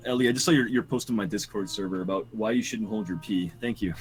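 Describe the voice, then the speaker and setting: A young man co-hosting an art stream over a voice call, playful and jokey and quick to laugh. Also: fairly low pitch, faint music behind. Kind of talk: casual stream chat.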